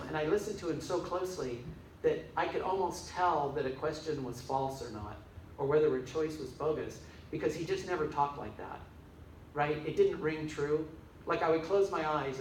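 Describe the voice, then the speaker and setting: An older man, a minister giving a casual, rambling dharma talk with frequent chuckles. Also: a little high. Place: church hall. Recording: echoey hall, mic far off, faint hiss.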